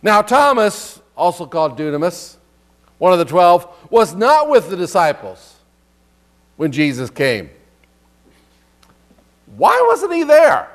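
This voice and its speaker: A man with a notably high voice preaches a sermon in a relaxed, conversational way. He asks the congregation questions and reads scripture aloud between his own comments. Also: takes it slowly, pauses often. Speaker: pastor.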